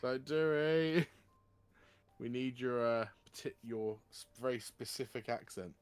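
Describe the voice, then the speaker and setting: A man's voice: mid-range voice, measured pace, smooth. A man co-streaming a visual novel, bantering playfully and laughing often. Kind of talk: casual gaming chat. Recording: faint background music.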